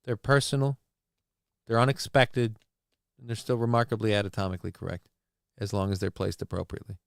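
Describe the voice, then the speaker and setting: A man's voice: on the low side, level tone, fairly quick, gravelly, smooth, no room sound, clean studio sound. A man co-hosting a casual live show, reading out chat comments and riffing on them in a jokey, rambling way. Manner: jokey, riffs loudly on viewer comments, rambling. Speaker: livestream co-host.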